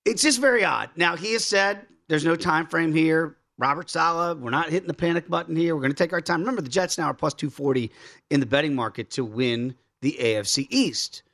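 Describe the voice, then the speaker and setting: A man hosting a sports betting show, chatting casually and acting out quotes in mock voices. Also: fairly quick. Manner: animated, acts out quotes in high mock voices. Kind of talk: casual sports radio banter.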